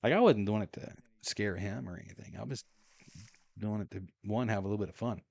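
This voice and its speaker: Low-voiced rambling male streamer. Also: a little fast, gravelly, a little mellow. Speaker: gaming streamer. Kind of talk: casual storytelling while playing.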